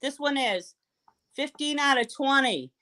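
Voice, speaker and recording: A woman from Boston with a Boston accent, chatting excitedly and casually as a guest on a live call-in show, swearing now and then. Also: sits high, unhurried, background noise. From Boston, USA. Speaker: caller guest.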